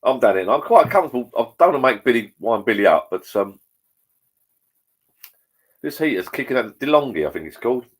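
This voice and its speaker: A man hosting a relaxed livestream, chatting to viewers in a rambling, matey way over drinks at home. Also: mid-range voice, a little fast, pauses often, breathy edge. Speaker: livestream host. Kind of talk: casual chat with viewers while drinking. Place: at home, indoors.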